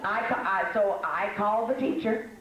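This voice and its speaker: A woman's voice: mid-range voice, normal speed, crowd noise. An older woman giving a folksy, self-mocking talk to a women's meeting, with frequent laughs and fillers. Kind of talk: conversational talk to a women's audience. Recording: echoey room.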